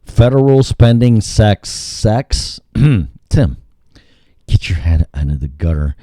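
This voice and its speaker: A man's voice: on the low side, very animated, takes it slowly, mellow, no room sound, clean studio sound. A male talk show host rambling through news items in a crude, ad-libbed way, humming filler sounds between lines. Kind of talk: casual ad-libbed radio talk.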